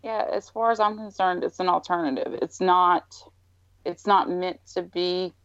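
A woman's voice: on the low side, steady tone, normal speed, clear, resonant tone, dry recording. A friendly woman with a Southern US drawl chats as a podcast guest. Her voice is dry and close, though the recording is a little dull and lo-fi. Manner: friendly, chatty. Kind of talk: casual chat. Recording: slightly dull lo-fi sound.

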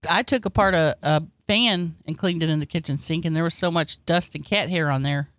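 A woman's voice: low-pitched, fairly quick, a bit bright, no echo. A woman co-hosting a podcast in casual chat, playful and jokey as she tells rambling stories. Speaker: podcast co-host.

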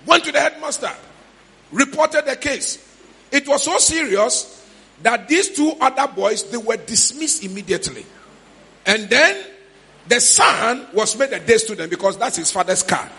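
A man with a Ghanaian accent preaching a sermon in church, shouting in a sing-song way with sudden high cries. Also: animated, moderate pace, husky. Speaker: pastor.

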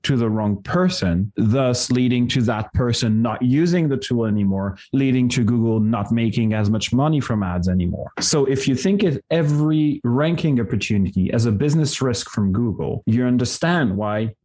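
A man's voice: mid-range voice, moderate pace, hardly any pauses, mellow. A man with a French accent, a podcast guest who explains his work in detail and often restarts his phrases. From France. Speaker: guest, SEO agency CEO. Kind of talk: podcast interview answers.

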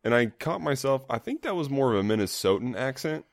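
A man co-hosting a casual comedy podcast, playing along with jokes in a deadpan way. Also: mid-range voice, fairly quick, no echo, studio quality. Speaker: podcast co-host.

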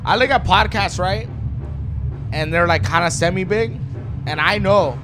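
A drunk man hosting a casual podcast chat, boisterous and swearing, given to sudden loud bursts of singing. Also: sits high, normal speed, over music. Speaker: podcast host.

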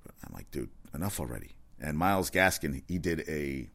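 A man giving a casual, rambling sports rant, excitable and profane, often correcting himself. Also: a bass voice, a little fast, creaky. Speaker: sports commentator.

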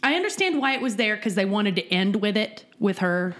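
A woman's voice: medium pitch, sing-song, a little fast, fairly bright tone. Casual podcast co-host, a woman, chatty, laughing, recorded at home. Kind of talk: casual chat. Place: home, cat nearby. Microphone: desk recorder.

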